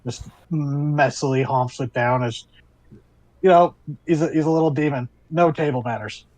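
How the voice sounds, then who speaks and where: A man's voice: fairly high pitch, moderate pace, darkish tone, dry recording, low-quality recording. A man running a tabletop game as game master, narrating casually and improvising world details.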